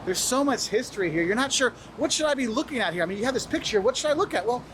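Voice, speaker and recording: A man's voice: extremely high pitch, animated, rapid-fire, noisy background. A man giving friendly, instructive travel advice to camera, sometimes acting out what locals say. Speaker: travel video host. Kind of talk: advice video, spoken to camera.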